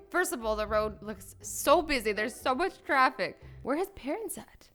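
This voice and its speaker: A woman with a fairly high voice talks through video clips as a reaction host. She fires off disbelieving, scolding questions one after another. Soft music plays faintly behind her. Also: expressive. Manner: incredulous, scolding, quick rhetorical questions.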